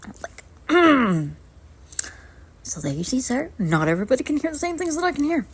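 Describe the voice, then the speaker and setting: A young adult woman telling a story to camera in a casual vlog, animated and acting out the dialogue. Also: high voice, racing. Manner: animated, acts out both sides of dialogue. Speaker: vlogger.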